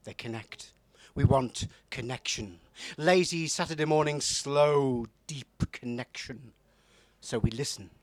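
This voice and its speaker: A man from Newcastle with a soft northern English accent, performing a true-story poem to a live audience, hesitant with ums and dropping into a hushed, intimate reading. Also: medium pitch, takes it slowly, no room sound. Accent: soft northern English, not strongly Geordie. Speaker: comedy poet performer. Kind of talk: live spoken-word poetry performance.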